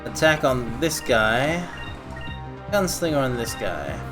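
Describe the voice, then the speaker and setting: An excitable male streamer at a mid-pitched voice chats loosely while he plays, trailing off into asides and yelping "oh no" when things go wrong. Faint game music plays softly underneath. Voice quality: excitable, rambling, quick to exclaim. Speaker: livestreamer playing a video game. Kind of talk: casual gameplay commentary.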